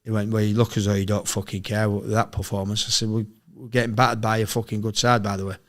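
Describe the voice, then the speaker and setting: Sweary man telling football stories, lowish voice. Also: fast talker. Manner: sweary, animated anecdotes. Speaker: podcast guest, former footballer. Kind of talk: casual storytelling.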